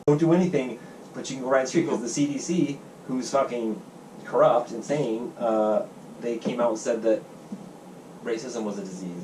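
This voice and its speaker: A man hosting a podcast, telling stories quickly and crudely and acting out other people's lines. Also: medium pitch, a little mellow, a little hiss or hum. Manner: fast, profane storytelling, acts out quotes. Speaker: podcast host. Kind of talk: casual chat. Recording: echoey room, mic at a distance.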